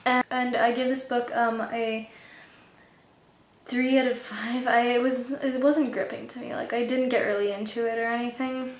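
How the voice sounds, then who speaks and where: A woman's voice: fairly high pitch, fairly even intonation, normal speed, a little hiss or hum. A woman giving a casual book review, rambling and offhand, full of fillers. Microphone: low-budget camera mic. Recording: echoey room.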